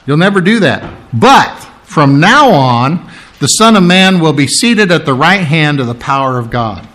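Animated, high-voiced male preacher. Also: a little slow. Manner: emphatic, animated Bible teaching with dramatic readings. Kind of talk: sermon.

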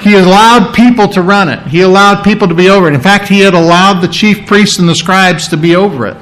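A man's voice: sits high, a little fast, a bit bright, slight background noise, poor audio. A man preaching a sermon in a teaching, conversational way, checking in with his listeners and often restarting his phrases. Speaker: pastor.

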